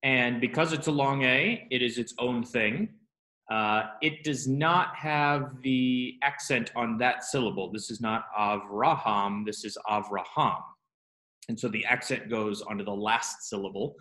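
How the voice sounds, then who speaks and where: A man's voice: mid-range voice, fairly even intonation, measured pace, bright, forceful tone. A man teaching a class, explaining step by step and asking students questions as he goes. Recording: roomy classroom echo.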